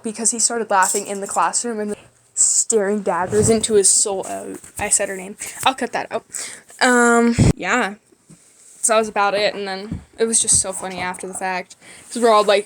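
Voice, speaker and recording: A teenage girl rattles through stories from school in a casual, rambling way, full of "like" and "you know." Her voice sits in a middle range, and she keeps slipping into quick impressions of classmates and teachers. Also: mid-range voice, slight background noise. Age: teens. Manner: animated, acts out people in her stories; quick, rambling with many fillers. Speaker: YouTuber. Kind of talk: casual storytelling.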